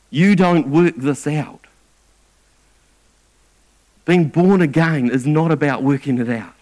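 A man's voice: on the high side, slow, long pauses, a little mellow. A man preaching a sermon in an earnest way, often stumbling and repeating words as he restarts.

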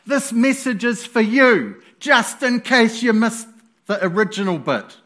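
A solemn, commanding voice of God calling down from heaven, as a male preacher puts it on. It proclaims its judgment slowly, in a fairly high register. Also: expressive, fairly bright tone, exaggerated voice. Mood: proclaiming.

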